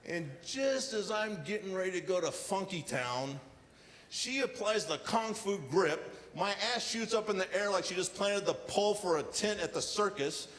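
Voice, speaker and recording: Stand-up guy telling deadpan stories on stage, slightly high voice, echoey showroom. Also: normal speed. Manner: deadpan storytelling with acted-out quotes. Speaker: stand-up comedian. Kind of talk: stand-up comedy set. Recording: live hall reverb with faint ambience.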